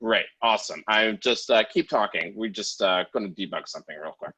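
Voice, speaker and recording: A man's voice: fairly low pitch, brisk, pushed and bright, breathy edge. A man hosting an online event over a video call, breezy while dealing with technical trouble, with muffled lo-fi audio. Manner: breezy, fumbling with tech trouble. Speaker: event host.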